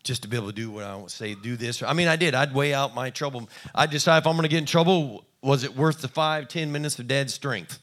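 A man's voice: medium pitch, fast talker, hardly any pauses, fairly bright tone. A man preaching a sermon in a conversational, folksy way, acting out little quoted exchanges. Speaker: pastor.

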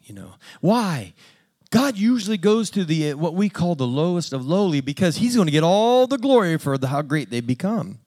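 Male preacher, somewhat high-pitched, plain-spoken and self-deprecating, delivering a conversational sermon. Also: sing-song, normal speed, a little mellow.

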